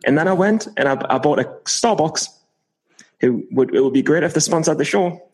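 A man's voice: on the high side, a little fast, breathy edge, rough recording. A man co-hosting a casual podcast chat, playful and given to mock-dramatic confessions. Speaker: podcast co-host.

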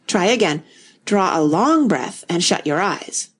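Flustered old queen, put on by a woman reader, fretful, squeaky, husky edge. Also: expressive, measured pace. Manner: fussy, fretful, rising to a squeak.

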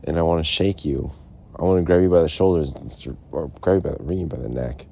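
A man's voice: a bass voice, a little fast, gravelly, dark tone. A man hosting a solo podcast, rambling and frustrated, mumbling and repeating himself. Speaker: podcast host. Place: Arizona.

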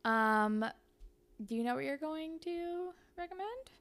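Chatty young woman on a podcast, bit high pitched, says like a lot, just riffing. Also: lively intonation, unhurried, fairly bright tone. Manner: chatty, filler-heavy with lots of "like". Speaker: podcast co-host. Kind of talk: casual podcast chat, improvising fan fiction.

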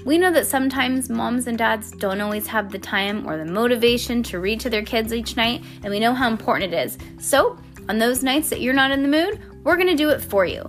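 A woman's voice: fairly high pitch, lively intonation, brisk, hardly any pauses, soft background music. A woman reading a children's storybook aloud as a podcast host, breaking off for playful, chatty asides to a child listening. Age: adult.

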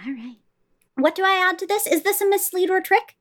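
Excited woman at a tabletop game, high voice that jumps around a lot. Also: a little fast. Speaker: player. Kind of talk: tabletop role-play.

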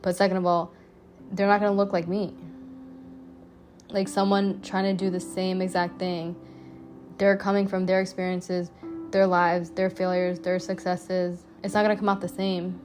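A young woman hosts her solo podcast in a loose, unscripted ramble. She is blunt and profane, leaning on "like" between thoughts, with soft music faintly under her voice. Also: on the low side, little pitch movement, normal speed. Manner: blunt, profane, chatty with frequent "like" fillers. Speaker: podcast host. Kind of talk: casual solo podcast monologue.

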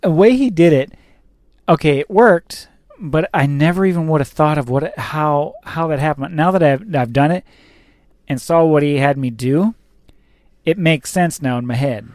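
A man's voice: on the high side, moderate pace, darkish tone, no room sound, clean studio sound. Chatty, rambling trucker man. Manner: rambling, chatty, with fillers and occasional swearing. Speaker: truck driver. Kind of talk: casual vlog storytelling.

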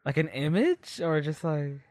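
A man's voice: on the high side, animated, unhurried, darkish tone, no room sound. Easygoing young man asking questions. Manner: easygoing, curious. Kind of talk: casual chat among friends.

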